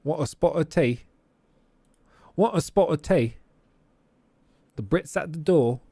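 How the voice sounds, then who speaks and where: A prim, plummy British gentleman, as a man puts him on with a mock upper-class British accent. The voice sits well above his own and drawls its words in an affected, haughty manner. It is a put-on caricature voice rather than a natural one. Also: on the high side, animated, takes it slowly, slightly rough, no echo, voice pushed up, heavily acted.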